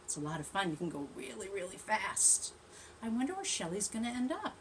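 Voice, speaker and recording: A woman teacher reads a story aloud and then leads a counting song, her voice rising and falling with a lively lilt. She talks gently and chattily to young listeners, often asking them questions, at a middling pitch. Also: fairly quick, a little hiss or hum. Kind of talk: reading a story aloud to children.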